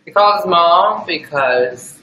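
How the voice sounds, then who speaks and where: A man's voice: a little high, lively intonation, unhurried, bright, forceful tone, reverberant, rough recording. A young man hosting a casual livestream from home, joking and chatting with his dog. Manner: playful, talks to his dog in a teasing voice. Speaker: livestream host.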